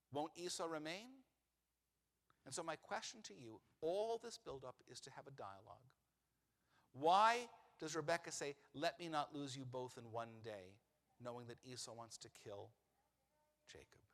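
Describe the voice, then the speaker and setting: A man's voice: on the high side, a bit bright. A man giving a sermon as rabbi, telling the story in a humorous, conversational way and asking the congregation questions. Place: synagogue sanctuary. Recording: long reverb of a large sanctuary.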